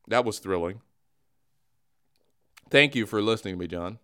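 A man hosting a casual comedic sports talk show, animated and teasing. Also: fairly low pitch, moderate pace, pauses often, clean tone. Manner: animated, teasing, mock-dramatic. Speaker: podcast host.

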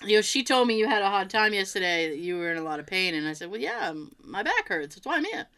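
A woman chatting casually, telling an animated, laughing story with plenty of swearing. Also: mid-range voice, fast, clear, resonant tone. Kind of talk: casual chat.

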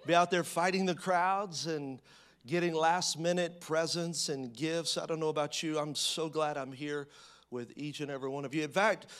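A man with a notably high voice gives a sermon. He chats with the congregation and tells a funny story in an easy, conversational style before turning serious. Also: a bit bright. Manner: conversational and joking, telling stories to a congregation. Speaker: pastor.

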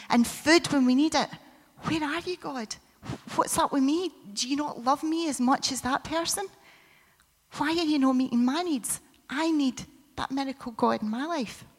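Woman preaching a sermon, passionate then whispery, slightly high voice, echoey hall. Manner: impassioned, dropping to a hushed whisper. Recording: reverberant hall.

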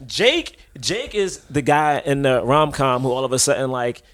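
A man chatting as a podcast guest, an animated comedian who jokes and acts out bits as he talks. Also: medium pitch, moderate pace. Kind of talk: casual podcast chat.

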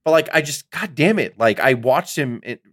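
A middle-aged man co-hosting a podcast in casual chat, rambling and excitable, swearing often as he talks. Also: fairly high pitch, moderate pace, no echo, clean studio sound. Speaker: podcast co-host.

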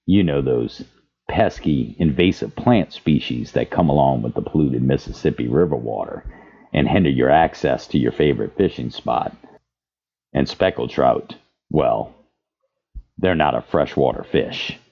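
A man's voice: extremely low pitch, lively intonation, a little slow, gravelly, mellow, slightly rough. A man hosting a podcast, speaking with passion and reading quotes aloud. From Louisiana. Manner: impassioned, reads quotes aloud. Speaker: podcast host. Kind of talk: advocacy podcast commentary. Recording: dull lo-fi sound.

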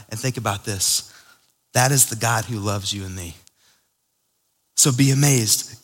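A man's voice: on the high side, fairly bright tone. Emphatic preacher man in a hall. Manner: emphatic, conversational, addresses congregation directly. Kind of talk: sermon.

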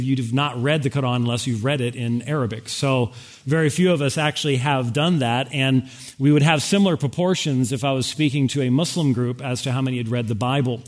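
A man giving a quick, wry sermon-style lecture to a conference audience. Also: mid-range voice. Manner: fast-talking, wry, addressing an audience with interpreters. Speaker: speaker at a Christian conference.

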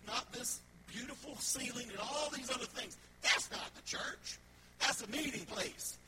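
A man preaching a sermon as pastor in a church sanctuary, emphatic and repetitive, with jokes at his own expense. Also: very high voice. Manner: emphatic, repetitive, self-joking. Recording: loud background noise.

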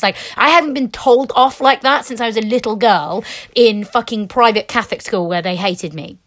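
A woman's voice: fairly high pitch, moderate pace, fairly bright tone. A woman hosting a podcast, ranting frankly in a casual, rambling way with plenty of swearing and fillers. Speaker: podcast host. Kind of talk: casual solo rant.

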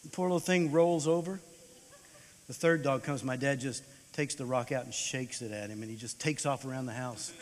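A man in his sixties gives an animated storytelling sermon in a chapel, swinging between loud bursts and hushed tones. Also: medium pitch, normal speed, slight background noise. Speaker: chapel speaker. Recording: long hall reverb.

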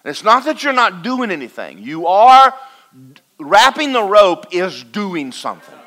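A man preaching a folksy sermon to a congregation, swinging between loud and quiet. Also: high-pitched, sing-song, a little slow. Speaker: pastor. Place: church in front of a congregation.

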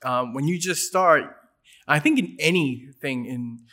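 A man hosting a relaxed interview, talking in an easygoing way that repeats words as he rambles. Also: mid-range voice, unhurried. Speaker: interviewer host. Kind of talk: casual interview chat.

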